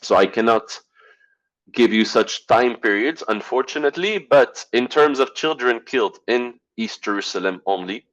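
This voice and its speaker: A man giving an online presentation over a video call, halting with fillers and clearing his throat as he loses his voice. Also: mid-range voice, fairly bright tone, lo-fi sound. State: losing his voice.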